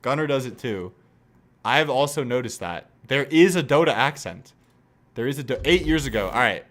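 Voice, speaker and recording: Man, livestreamer, casual chat, animated delivery, jokey. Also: mid-range voice, normal speed. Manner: animated, joking, reacts to clips. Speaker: streamer.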